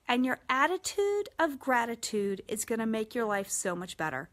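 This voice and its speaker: Woman host, 40s, slightly high voice, candid and profane casual chat. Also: normal speed, hardly any pauses. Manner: frank and profane, animated. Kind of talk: casual live-stream chat.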